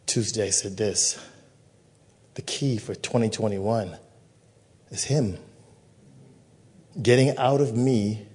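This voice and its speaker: A man's voice: on the low side, a little mellow, husky. A male pastor giving a communion sermon, repeating phrases with emphatic preaching cadence.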